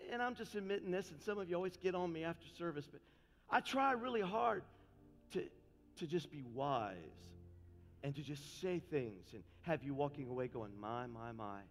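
A man preaching a sermon as pastor, talking fast and frankly, then building into impassioned, fiery calls to his congregation. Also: on the high side, expressive. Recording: long reverb with faint music.

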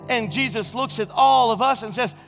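Exuberant pastor shouting praise. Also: male voice, very high-pitched, moderate pace, faint music behind. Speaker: senior pastor. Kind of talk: sermon. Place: church sanctuary. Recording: reverberant church hall.

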